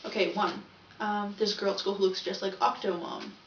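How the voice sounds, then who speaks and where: A woman's voice: medium pitch, steady tone, a little fast, far from the mic, a little hiss or hum. A young woman rambling through a casual video diary and often correcting herself. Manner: chatty, rambling, self-correcting. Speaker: vlogger. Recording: echoey, dull, from off the mic.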